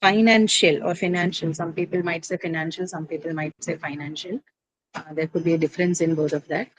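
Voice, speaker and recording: A woman's voice: sits low, level tone, quick pace, warm tone, rough recording. A woman teacher lecturing a class, explaining step by step with frequent fillers and tag questions. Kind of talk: classroom lecture on word stress.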